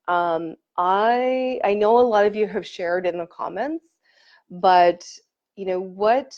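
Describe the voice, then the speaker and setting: A woman coach leading a live online workshop, talking casually and warmly to viewers and greeting commenters by name. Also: mid-range voice. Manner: warm and effusive, reads and greets commenters. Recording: slightly dull lo-fi stream audio.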